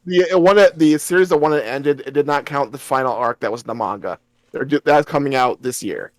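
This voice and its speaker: A man's voice: mid-range voice, brisk, dry recording. A man in casual group chat on a voice call, eager and agreeable. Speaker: stream co-host.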